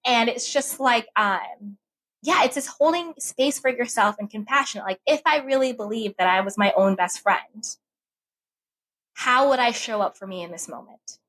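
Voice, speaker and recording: A podcast guest, a woman with a somewhat high voice, talking in a relaxed, conversational way. She slips into quick acted-out lines as she plays back her own thoughts and reactions. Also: rough recording. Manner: animated, acts out her own inner voice.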